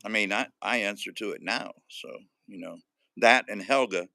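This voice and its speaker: A man's voice: fairly low pitch, normal speed, vocal fry, pushed and bright, no room sound. A man hosting a live stream in casual chat, joking and reading out viewer comments. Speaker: livestream host.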